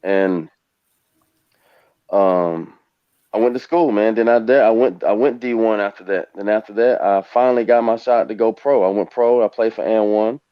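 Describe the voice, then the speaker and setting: A man's voice: lowish voice, moderate pace, clear, resonant tone, no echo, lo-fi sound. A man in his forties from the United States, a retired professional basketball player, telling his life story in a rambling way on a panel. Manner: rambling storytelling, gets emotional. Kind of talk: panel conversation.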